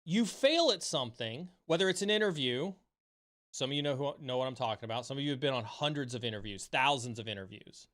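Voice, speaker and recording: A man's voice: medium pitch, expressive, fast talker, fairly bright tone. Fired-up man giving a pep talk. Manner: impassioned, swears freely, repeats phrases for emphasis. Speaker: streamer host. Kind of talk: motivational livestream talk. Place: home streaming setup.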